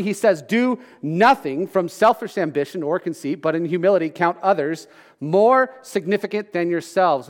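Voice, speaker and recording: A man's voice: high-pitched, in a large hall. A man in his thirties preaching a sermon in a conversational, joking way, often asking his listeners questions. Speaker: pastor.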